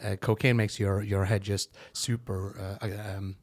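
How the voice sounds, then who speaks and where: Candid Norwegian man, low voice. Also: flat delivery. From Norway. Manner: candid, quick, lots of restarts and laughs. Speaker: guest comedian. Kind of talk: casual podcast chat.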